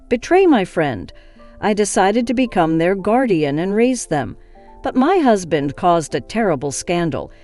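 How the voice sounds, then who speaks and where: A woman reading a scripted, emotional story in a steady, earnest way. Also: medium pitch. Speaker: narrator. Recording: faint music behind.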